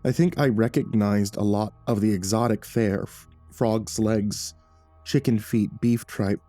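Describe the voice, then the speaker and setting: Male horror narrator with a warm, dark tone; reads slowly and dramatically over quiet music. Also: mid-range voice, no echo. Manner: measured and dramatic, with nervous stammered repeats. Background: faint background music.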